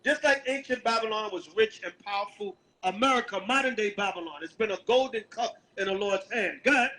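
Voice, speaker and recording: A man's voice: high-pitched, brisk, bright, forceful tone, rough recording. A man with a Brooklyn, New York accent preaching on the street, calling out verses and asking "right?" again and again. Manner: emphatic, calls out verses, asks "right?" often. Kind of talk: street sermon with scripture reading.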